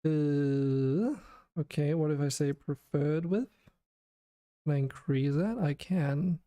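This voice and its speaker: A worn-out man talks to himself in a flat, monotone way while he pokes at his game's code. His voice is mellow and soft-edged, steady and unhurried. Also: fairly high pitch. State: exhausted. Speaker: game developer streamer. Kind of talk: thinking aloud while coding.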